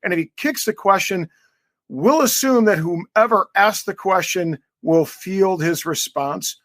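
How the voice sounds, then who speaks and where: A man's voice: high voice, unhurried, a bit bright, no echo, clean studio sound. A man co-hosting a sports podcast interview, joking and rambling with plenty of fillers. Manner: jokey, rambling, filler-heavy. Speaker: co-host.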